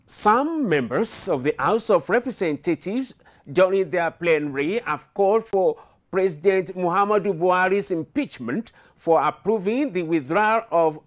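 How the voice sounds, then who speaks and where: A man with a Nigerian accent reads the hourly news from a studio. His voice sits high for a man, and his delivery is measured and formal. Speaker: news anchor. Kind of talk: scripted news reading.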